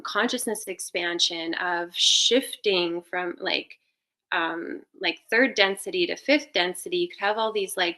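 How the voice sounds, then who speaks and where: A woman's voice: medium pitch, bright, forceful tone. A woman giving spiritual advice in a casual, meandering way, with many fillers and restarts. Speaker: spiritual guest speaker.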